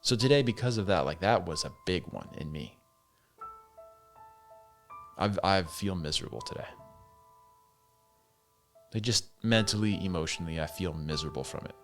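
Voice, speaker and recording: A man's voice: deep voice, expressive, moderate pace, long pauses, soft background music. A man hosting a casual solo podcast and talking candidly, swearing freely and saying "man" and "dude" as he goes. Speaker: podcast host.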